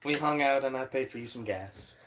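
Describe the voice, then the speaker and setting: A man's voice: mid-range voice, fairly quick, over a noisy crowd. A man co-hosting a podcast in casual chat, chiming in with wry asides. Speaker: podcast co-host.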